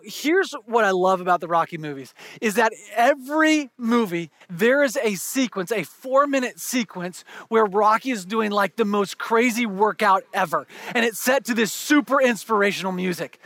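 A married man preaching a sermon to a congregation, conversational and joking, moving from hushed to shouted. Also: high-pitched, dry recording. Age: adult, married with kids. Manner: conversational, humorous, swings from soft to shouting. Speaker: pastor.

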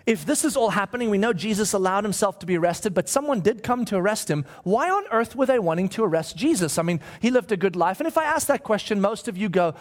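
A male pastor preaching a sermon, telling the story with animated asides and acted-out voices. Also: high voice, brisk.

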